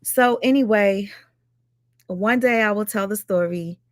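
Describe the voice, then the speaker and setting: A woman's voice: medium pitch, a little slow, no echo. Casual, candid woman streamer, dry sound. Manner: candid, swears freely. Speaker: reaction streamer. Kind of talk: casual chat.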